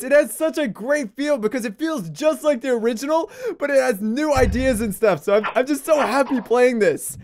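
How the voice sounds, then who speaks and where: A man hosting a gaming video, giving casual let's-play commentary and exclaiming in surprise. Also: extremely high pitch. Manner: excitable, laughs often, exclaims in surprise.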